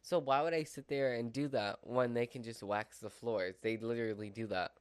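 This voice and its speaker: A man's voice: medium pitch, steady tone, moderate pace, clean tone, no room sound. A man vlogging from home in a rambling casual chat, full of "like" and "so" fillers. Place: at home with his dog. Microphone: mic within his dog's reach.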